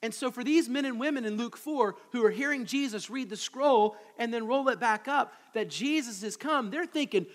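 Male pastor, high voice, chatty animated sermon with asides to the room, long hall reverb. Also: moderate pace, few pauses. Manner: conversational, animated, with asides to the congregation. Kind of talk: expository sermon.

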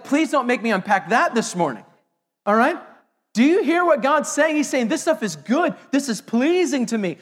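A middle-aged man, a pastor, preaching an animated sermon with joking asides to the congregation. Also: very high voice. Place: church sanctuary. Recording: long hall reverb.

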